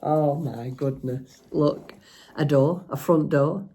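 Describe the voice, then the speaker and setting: An older woman with a notably low voice chats through her shopping haul at home, giggling and teasing as she goes. She talks in a relaxed, homely way, like a grandmother showing a friend her finds. A faint hiss sits behind her voice. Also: slow. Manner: chatty, giggly, fond of teasing. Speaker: crafting vlogger.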